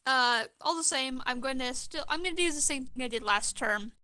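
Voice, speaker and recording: Bright, high-voiced woman gamer. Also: a little fast, clean tone, no room sound. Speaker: player. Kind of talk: casual tabletop game chat.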